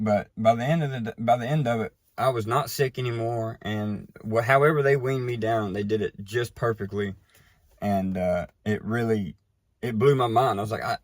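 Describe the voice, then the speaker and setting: Give me a man animatedly telling a personal story, mid-pitched and dry. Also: no room sound. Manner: animated, tags lines with "right?" and "you know". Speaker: recovery storyteller.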